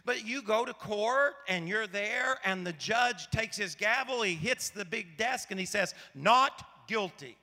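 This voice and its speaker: Man, pastor, sermon, gravelly, sharp tone, conversational storytelling. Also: high-pitched, a little slow, hardly any pauses, in a large hall. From Arkansas, USA. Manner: conversational storytelling with rhetorical questions.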